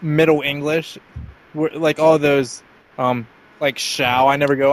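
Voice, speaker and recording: A man's voice: mid-range voice, steady tone, a little slow, slight background noise. A man on a casual podcast chat, blunt and crude, joking and laughing often. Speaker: podcast co-host.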